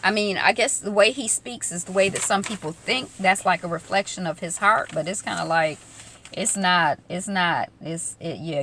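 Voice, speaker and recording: Bright, chatty woman recapping TV. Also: fairly low pitch, normal speed, no room sound. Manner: chatty, acts out quotes, many ums. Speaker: recap vlogger. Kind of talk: casual TV recap chat.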